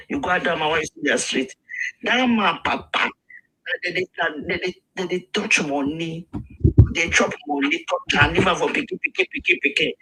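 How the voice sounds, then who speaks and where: A Nigerian man with a Nigerian accent argues in a heated street debate, insistent and repetitive. His voice sits high and sounds a little husky. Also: sharp tone, rough recording. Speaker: discussant.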